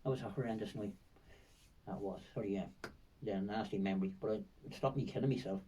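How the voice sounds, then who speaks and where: An older man with a Dublin accent tells vivid, winding stories as a podcast guest, looping back with fillers and repeated words. His voice is dark and mellow. He sits a little away from the microphone. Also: on the low side, a little fast, slightly rough, recorded from a distance, low-quality recording. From Ireland. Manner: rambling, vivid storytelling with frequent fillers and repetitions. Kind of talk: storytelling in a podcast interview.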